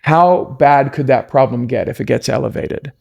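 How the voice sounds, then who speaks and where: Brief: South African-born male guest, earnest coaching tone, gravelly mid-pitched voice. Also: moderate pace, a little mellow. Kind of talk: casual podcast conversation.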